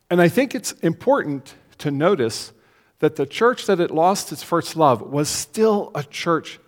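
A male pastor preaching a sermon in a conversational way, asking the congregation questions and acting out quotes. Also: fairly high pitch. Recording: long hall reverb.

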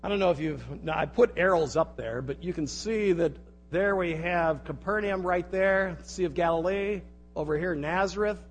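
A man preaching a sermon, reading scripture aloud with loud emphasis and dropping into quiet, intimate asides and prayer. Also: high voice, normal speed, a little hiss or hum. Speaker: pastor.

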